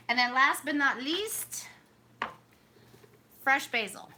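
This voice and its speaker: A woman with a drawl talks her viewers through a home cooking demo in a bright, chatty way. Her voice sits a little high. Frying food sizzles clearly in the kitchen behind her. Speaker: cooking vlog host. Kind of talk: casual cooking demonstration. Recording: noisy kitchen with sizzling pan.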